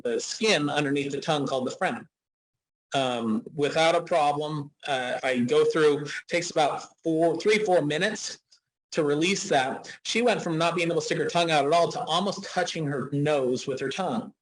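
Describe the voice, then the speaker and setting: A man in his forties from Utah speaks as a dentist guest in a relaxed interview. His voice sits a little high for a man, and he tells anecdotes in a loose, chatty way, often restarting his sentences. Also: moderate pace, low-quality recording. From Utah, USA. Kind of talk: casual interview storytelling.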